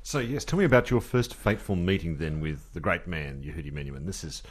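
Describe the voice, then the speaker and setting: A male interviewer who prompts his guest with brisk, probing questions. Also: low voice. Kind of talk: conversational interview.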